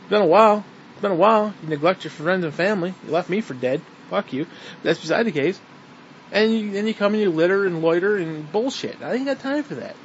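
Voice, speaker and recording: A man's voice: high voice, lively intonation, fairly quick. A man delivering an angry, profane, repetitive rant straight at the listener. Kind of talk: ranting monologue to the camera. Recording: dull lo-fi recording with faint noise.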